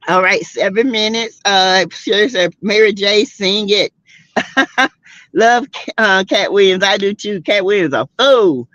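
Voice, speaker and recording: A woman's voice: mid-range voice, a little slow, a bit bright, no room sound, lo-fi sound. A woman from South Carolina hosting a livestream, giving sassy, outspoken, slangy commentary on a reality show to her live chat and laughing often. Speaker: livestream host.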